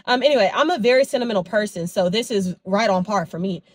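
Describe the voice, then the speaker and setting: A woman's voice: medium pitch, quick pace. A young woman talks straight to her phone camera in a loose, chatty vlog style. She tells stories animatedly, slipping into quoted lines from her own conversations, recorded in her car and around her home. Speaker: vlogger. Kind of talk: casual vlog chat to camera.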